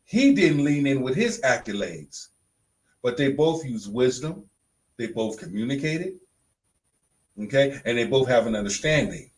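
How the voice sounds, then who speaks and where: A man's voice: medium pitch, expressive, unhurried, poor audio. A man co-hosting a podcast in casual chat, blunt and emphatic, repeating phrases for punch. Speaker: podcast co-host.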